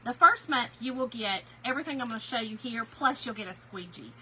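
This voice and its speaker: A woman with a high, very bright voice chats casually with her viewers, calls them by name and laughs often. She sells craft products in a loose, rambling way, and a faint noise runs behind her. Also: expressive, fairly quick. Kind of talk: casual live chat.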